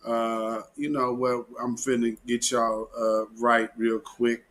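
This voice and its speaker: A man's voice: mid-range voice, little pitch movement, slow pace, a bit bright. Loose-talking man hosting a live stream. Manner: loose, drawling, stumbles and repeats words. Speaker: livestream host. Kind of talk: casual live commentary.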